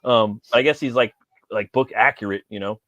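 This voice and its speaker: A man's voice: lowish voice, moderate pace, fairly bright tone, no echo, lo-fi sound. A man from California, host of a casual chat, talking in a laid-back, rambling way and swearing freely.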